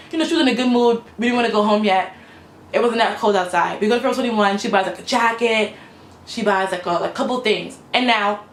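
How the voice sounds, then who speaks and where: A young woman casually telling a story time to her camera, animated and full of "like" and "you know". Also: medium pitch, reverberant. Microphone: camera mic.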